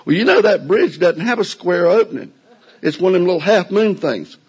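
An older man with a drawl spins a story for a live audience indoors. His voice is husky and a little worn. He tells it in a folksy, self-mocking way. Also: sits high, lively intonation, a little fast, darkish tone, poor audio.

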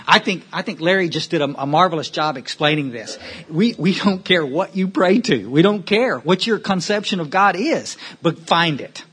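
Husky man preaching from a podium. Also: on the high side, fairly bright tone. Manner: preachy, repeats words on restarts, asks the room to follow. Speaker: speaker at a recovery meeting. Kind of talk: emphatic podium talk to a meeting. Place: meeting room, speaking from a podium.

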